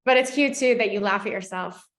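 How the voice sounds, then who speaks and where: A woman's voice: medium pitch, a little fast. Chatty woman podcast host. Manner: chatty, lots of filler "like". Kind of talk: casual interview chat.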